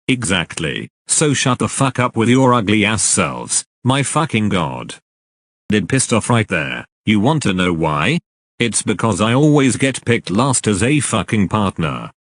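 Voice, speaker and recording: Guy telling a storytime, mad and cussing nonstop, lowish voice. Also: no room sound. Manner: angry, profane ranting. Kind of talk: storytime narration.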